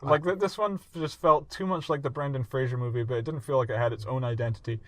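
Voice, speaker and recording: A man co-hosting a casual podcast, excitable, laughing often and jumping in with ideas. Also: mid-range voice, quick pace, no echo. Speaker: podcast co-host. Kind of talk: casual chat.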